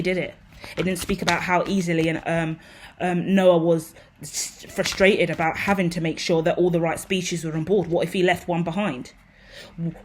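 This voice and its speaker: A woman's voice: fairly low pitch, slight background noise. A woman giving an improvised tarot reading, rambling and intense, swearing freely as she talks. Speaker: tarot reader.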